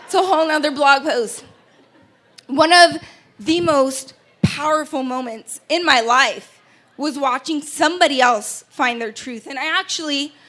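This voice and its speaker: A woman with a high, light voice speaks to an audience from a stage. She tells a personal story in an earnest, emotional way and often stumbles and restarts her sentences. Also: bright, forceful tone. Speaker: keynote speaker. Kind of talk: personal testimony speech. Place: event stage before an audience.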